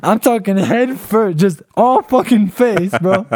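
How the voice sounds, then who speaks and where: A man's voice: high voice, measured pace, a little mellow, no echo. A young man from Southern California telling a funny story in a casual chat with friends, swearing and laughing often.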